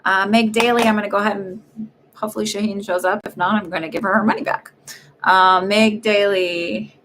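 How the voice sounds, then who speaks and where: A woman's voice: mid-range voice, steady tone, fast talker, fairly bright tone, slight background noise. A woman hosting live psychic readings, talking in a chatty way with many fillers and restarts. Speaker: psychic medium host.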